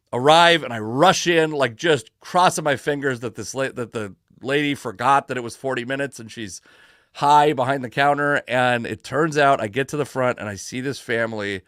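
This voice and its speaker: A man hosting a sports talk show, telling a long rambling story in a casual, animated way, full of restarts and swearing, worn out from no sleep. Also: mid-range voice, smooth, no echo, studio quality. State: exhausted from no sleep.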